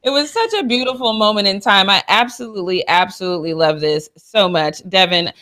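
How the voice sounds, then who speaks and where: This sports talk co-host has a mid-range, expressive voice, bright and forceful, and she talks fairly quickly. Her casual chat about sports is gushing and emotional, full of laughs and sassy trash talk.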